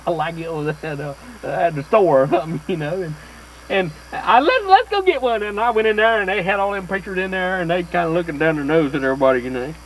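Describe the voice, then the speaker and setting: A man's voice: high-pitched, animated, a little fast, slight background noise, low-quality recording. A man playing a stuttering folksy circuit preacher. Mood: homespun storytelling. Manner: stuttering, folksy storytelling with chuckles. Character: folksy old-time male circuit-riding preacher. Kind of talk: live first-person character sermon. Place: church service before a live audience.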